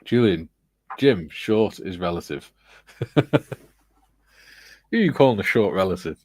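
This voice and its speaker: A man's voice: low-pitched, lively intonation, measured pace, a little mellow, no room sound. A man hosting a casual livestream, reading viewers' chat messages aloud and chatting with his panel. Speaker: livestream host.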